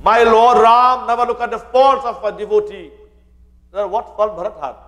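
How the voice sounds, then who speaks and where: A man's voice: high voice, steady tone, normal speed, a bit bright, big-room sound, rough recording. A male pandit giving a sermon on the Ramayan, speaking to the devotees and quoting scripture. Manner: addresses listeners as devotees, quotes scripture.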